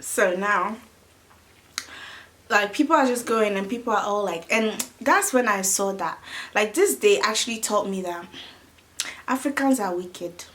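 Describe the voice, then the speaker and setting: A young adult woman telling a story in a casual vlog, chatty and animated, with many "like" fillers. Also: mid-range voice, measured pace, pauses often. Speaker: vlogger.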